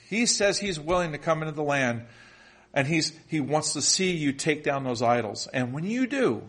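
A man's voice: fairly high pitch, slightly rough. A middle-aged man preaching a sermon in a conversational way, with restarts and fillers. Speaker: pastor.

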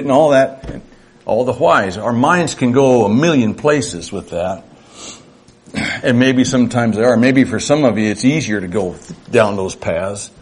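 A man's voice: medium pitch, animated, a little slow, darkish tone, slightly rough. A middle-aged man preaching a sermon in an earnest, conversational way, acting out little dialogues. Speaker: pastor.

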